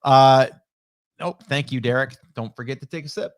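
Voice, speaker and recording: A man's voice: mid-range voice, moderate pace, clear, resonant tone, no echo, studio quality. A middle-aged man hosting a live stream, chatting casually with lots of fillers and restarts, now and then reading viewer comments aloud. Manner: rambling, many fillers and restarts. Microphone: studio dynamic microphone.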